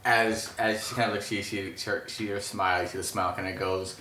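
A man narrating as game master of a tabletop game, halting and full of fillers and restarts. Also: fairly low pitch, fairly even intonation, sharp tone. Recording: roomy with faint noise.

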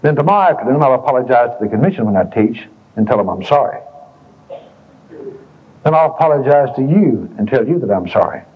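A man's voice: medium pitch, lively intonation, brisk, husky. A man preaching a sermon in a folksy, colloquial way, repeating phrases and telling stories to the congregation. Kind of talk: sermon with storytelling. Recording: dull lo-fi tape recording.

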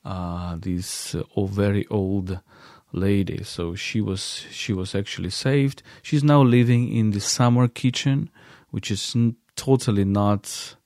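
A man with a fairly low voice tells of a visit in stops and starts, full of fillers and restarts. The sound is dry, with no room around it. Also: fairly even intonation, a little slow, a little mellow, no room sound. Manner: hesitant, many fillers and restarts. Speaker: guest recounting a field visit. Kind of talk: halting spoken account.

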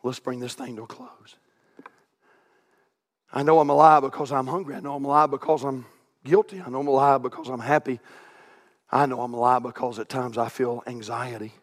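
A middle-aged pastor, preaching a sermon from the pulpit that swings from loud shouts to hushed, quiet asides. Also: male voice, medium pitch, fairly even intonation, fairly quick, long pauses, big-room sound. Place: church sanctuary.

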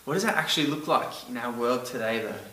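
A man's voice: mid-range voice, lively intonation, quick pace, bright, forceful tone, slight background noise. A man preaching a sermon in an earnest way, stressing key words hard. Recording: roomy, echoey from a distance.

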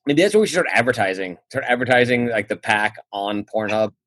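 A man's voice: lowish voice, animated, a little fast, fairly bright tone, no room sound. A man hosting a casual podcast chat, steering topics and laughing often. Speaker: podcast host.

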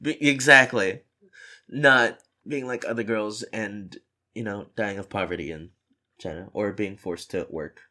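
A woman's voice: a bass voice, measured pace, bright, forceful tone. A woman co-hosting a podcast in casual chat. She is dry and exasperated, and she curses as she agrees. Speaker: podcast co-host.

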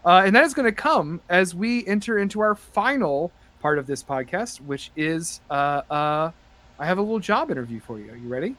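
Bright-voiced man running a tabletop game. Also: high voice, moderate pace. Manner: rambling, lots of fillers, excitable. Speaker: game master. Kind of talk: casual podcast chat and game narration.

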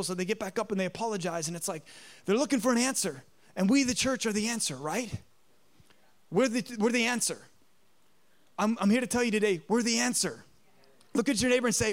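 A man in his thirties preaching a sermon, telling a story in an animated way and acting out the voices in it. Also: high voice. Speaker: pastor.

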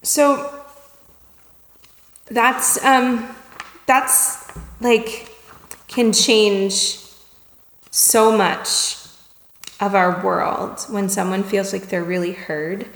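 A woman giving a conversational lesson on empathetic listening. She checks in with her listeners, often asking "right?" or "okay?", and sometimes acts out little dialogues in lively voices. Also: mid-range voice, very slow, pauses often. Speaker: communication teacher. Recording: echoey room with long reverb.

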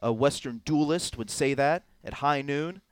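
A man hosting a casual podcast, running a quiz game with a playful, teasing manner and drawn-out announcements. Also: fairly high pitch, clear, resonant tone, no room sound, studio quality. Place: indoors, on location in Texas.

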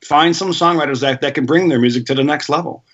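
A man talks casually as an interview guest and acts out the voices of people in his stories. His voice is bright and forceful, and the audio sounds a little dull and lo-fi. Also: fairly high pitch, fast talker, husky. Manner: animated storyteller acting out quoted dialogue. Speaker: guest, band manager. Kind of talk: casual conversational storytelling.

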